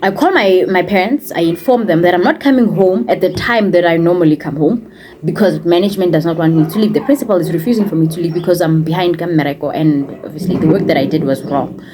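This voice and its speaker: Mellow-voiced woman with Setswana-accented English. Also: lowish voice, fast talker. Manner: animated retelling, acting out what others said, code-switching into Setswana. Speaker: vlogger and former teacher. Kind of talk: casual storytelling vlog.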